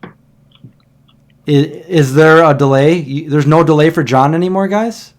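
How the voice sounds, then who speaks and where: A man's voice: fairly high pitch, a little slow. Chatty man hosting a livestream. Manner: chatty, rambling, reacting to old videos. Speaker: livestream host. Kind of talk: casual livestream chat.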